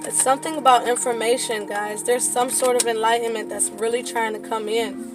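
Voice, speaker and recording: A high-pitched woman talks through a tarot reading in a casual, swearing way that turns into impassioned preaching. Music plays clearly behind her voice. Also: level tone, a little fast. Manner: profane, casual. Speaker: tarot reader.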